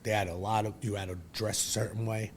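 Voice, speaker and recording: A man in his forties with a low voice tells his own story as a guest on a talk show. He is blunt and profane and rambles through restarts and fillers. A faint hiss sits under the recording. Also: flat delivery, fast, gravelly. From Brooklyn, New York. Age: 40s. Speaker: podcast guest. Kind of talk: candid personal storytelling.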